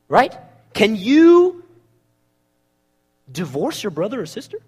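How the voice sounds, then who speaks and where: A man preaching a sermon, asking the congregation rhetorical questions and swinging from loud emphasis to hushed words. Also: high voice, wildly swooping pitch, slow pace, pauses often, breathy edge.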